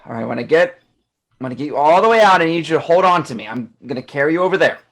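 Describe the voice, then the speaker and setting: A man reading the part of a steady, awkward man rescuing a woman, in a calm, reassuring, slightly sheepish way. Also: on the high side, fast talker. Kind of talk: amateur online script reading.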